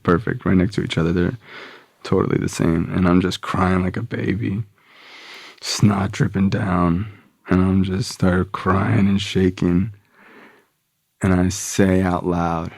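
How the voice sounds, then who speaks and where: A man's voice: low-pitched, dry recording. Man, podcast guest, personal story, candid, swears, says "like" a lot, dry close sound. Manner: candid, profane, full of "like" and "you know".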